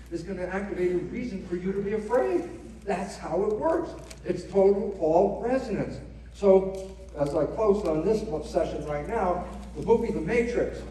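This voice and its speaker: A man giving a live lecture, animated, asking rhetorical questions and acting out quoted voices. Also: sits high, a little hiss or hum. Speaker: speaker. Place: large hall before an audience. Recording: echoey hall, mic at a distance.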